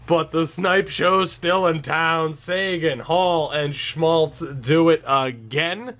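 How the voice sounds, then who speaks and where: Tired guy narrating his own hockey game, kinda high voice, sarcastic, yelps when stuff happens. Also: slow, hardly any pauses. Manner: tired, sarcastic, playful with sudden excited outbursts. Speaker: gaming YouTuber. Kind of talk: casual gameplay commentary.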